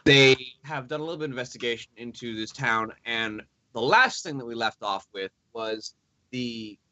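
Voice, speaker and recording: A man running a tabletop game as dungeon master, recapping the story with hesitant pauses and fillers over an online call. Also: medium pitch, sharp tone, slight background noise.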